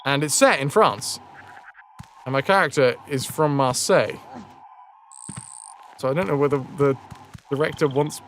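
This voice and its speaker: A man's voice: mid-range voice, measured pace, long pauses, fairly bright tone, soft background music. A young man casually chatting and swearing as he streams a game, crude and self-mocking. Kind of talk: casual live gameplay commentary.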